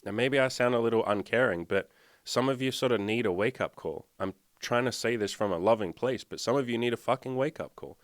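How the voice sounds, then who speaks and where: A man's voice: medium pitch, fairly quick, no room sound, clean studio sound. A man, working as a dating and life coach, delivering a blunt, swear-filled motivational rant while sharing his screen. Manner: blunt, swearing constantly, fired up. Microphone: desktop mic, sharing screen.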